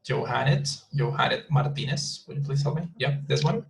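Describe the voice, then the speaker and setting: A man teaching an online English class, patiently repeating words and slowly modelling sample sentences. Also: mid-range voice, gravelly, poor audio.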